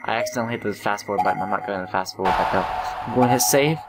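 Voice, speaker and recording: A man's voice: lowish voice, very fast, loud music behind the voice, low-quality recording. A half-asleep man hosting a let's play, reading the game's text aloud with asides and stumbling, stuttering delivery.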